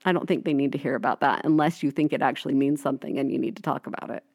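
A woman's voice: extremely low pitch, racing, no echo, clean studio sound. A woman in her forties co-hosting a podcast in casual chat, telling stories and acting out quoted lines. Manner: animated storyteller, acts out quoted lines. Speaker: podcast co-host.

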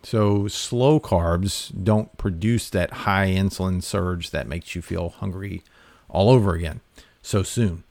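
A man hosting a talk, giving health advice in a relaxed, conversational way with fillers and restarts. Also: low-pitched, dry recording. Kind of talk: casual explanatory talk.

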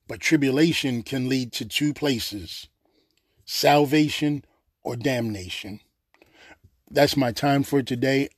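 A man's voice: mid-range voice, no room sound, studio quality. A man preaching an unscripted sermon, earnest and emotional, repeating phrases for emphasis.

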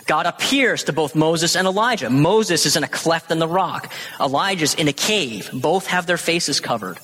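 A man's voice: on the high side, fairly bright tone. A man in his thirties preaching a sermon, teaching with animation and acting out the quoted lines. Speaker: pastor. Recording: long hall reverb.

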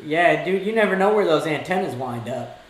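A man's voice: on the high side, animated, fairly quick, echoey room, slight background noise. A man guesting on a casual podcast, joking around, teasing and swearing freely. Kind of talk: casual chat.

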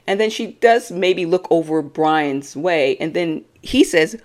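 A woman with a low voice gives a solo reality TV review. She swings her pitch widely as she delivers blunt, sassy put-downs. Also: animated, slow pace, darkish tone. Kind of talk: opinionated solo commentary.

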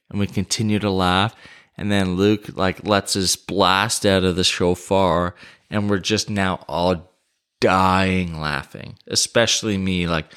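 A man with a very low voice tells a story at an unhurried pace. His tone is smooth and resonant, and he talks in a loose, rambling way with frequent fillers. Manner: relaxed, rambling with many fillers. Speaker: podcast host. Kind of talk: casual storytelling.

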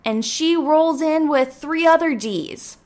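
A young woman in her twenties hosts a casual storytime podcast. Her voice is fairly high, and she talks in an animated, dramatic way with casual swearing. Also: slow. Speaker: podcast host.

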